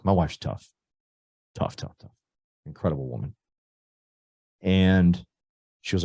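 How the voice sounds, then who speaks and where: A middle-aged man from Texas, giving an emphatic motivational recruiting speech that swings between loud punches and soft asides. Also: low-pitched, measured pace, pauses often, husky. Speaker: real estate company leader.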